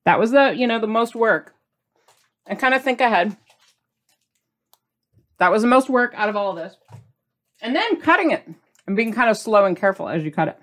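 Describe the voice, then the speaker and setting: A woman's voice: a little high, lively intonation, normal speed, pauses often. Bubbly middle-aged lady chatting through a cooking demo, tasting as she talks. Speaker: cooking channel host.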